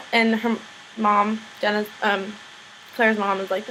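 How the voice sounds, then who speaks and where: A woman's voice: medium pitch, little pitch movement, unhurried, fairly bright tone, slight background noise, poor audio. A woman casually recapping a TV episode, chatty, full of "like" and "um", swearing freely.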